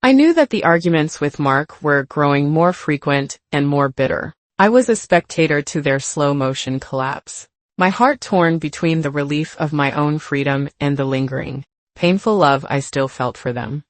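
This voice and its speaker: Low-voiced older woman narrating. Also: animated, no echo. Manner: measured, reflective. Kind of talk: scripted first-person story narration.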